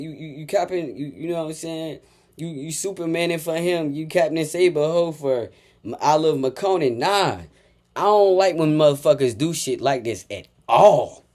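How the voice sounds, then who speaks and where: A reaction commentator launches into a heated, profane rant, taunting and repeating insults while swinging from low mutters to loud outbursts.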